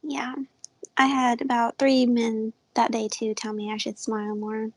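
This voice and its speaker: A woman in her thirties with a small, mouse-like voice, telling stories in a soft, breathy, giggly way as a podcast guest. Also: fairly high pitch, flat delivery, measured pace, no room sound, low-quality recording. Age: 30s. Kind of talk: casual chat.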